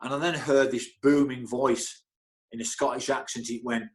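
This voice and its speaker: A man's voice: mid-range voice, fairly even intonation, normal speed. A middle-aged man, a football club physio, chatting as an interview guest, telling stories animatedly with frequent stumbles, restarts and chuckles. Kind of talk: casual anecdotal storytelling.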